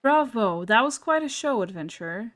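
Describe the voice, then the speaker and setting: A woman's voice: fairly high pitch, expressive, normal speed, fairly bright tone. A woman reading aloud the lines of a mysterious, smug male game figure, with formal, old-fashioned diction. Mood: gracious. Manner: archaic, formal and mock-gracious diction.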